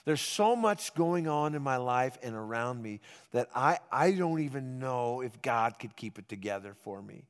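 A man's voice: medium pitch, animated, moderate pace, few pauses, clean tone. A man preaching a sermon, conversational and repetitive, calling on the congregation to respond. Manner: conversational, repeats and restarts, calls for congregation response. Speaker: pastor. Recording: reverberant hall.

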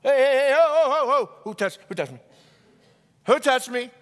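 A man voicing Jesus as a man calling out in a crowd, then speaking softly, while retelling a scripture story. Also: very high voice, animated, quick pace, big-room sound, pitched above the performer's own voice. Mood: urgent calling.

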